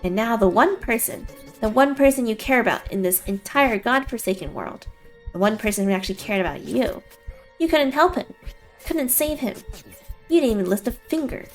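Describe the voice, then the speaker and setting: A woman's voice: a little high, expressive, moderate pace, soft background music, voice pushed up. A woman voicing the cruel, contemptuous inner voice of a man who accuses him relentlessly. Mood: accusing.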